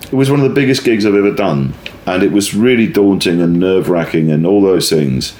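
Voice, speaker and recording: A middle-aged man in casual conversation, telling stories in a rambling, self-interrupting, animated way. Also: low-pitched, a little fast. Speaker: guest, performer.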